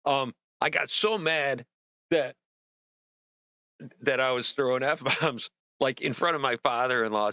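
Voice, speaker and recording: Bright-voiced middle-aged man ranting. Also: mid-range voice, measured pace, no room sound, muffled recording. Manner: animated storyteller, swears and acts out his own rants. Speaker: livestream host. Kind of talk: casual ranting chat.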